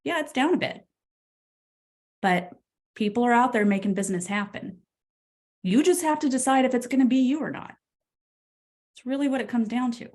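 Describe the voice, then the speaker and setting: Blunt, energetic woman coach. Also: fairly high pitch, normal speed, pauses often. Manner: blunt, energetic, laughs often. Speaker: real estate coach. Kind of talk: coaching talk on a group call.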